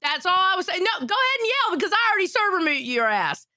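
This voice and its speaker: A woman with a high, bright, tense voice argues hard on a livestream, cutting back with sharp, profane retorts. Her pitch rises and falls a lot as she insists on being heard. The sound is close and dry. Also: sing-song, fast talker, no echo. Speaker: co-host. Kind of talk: heated livestream argument.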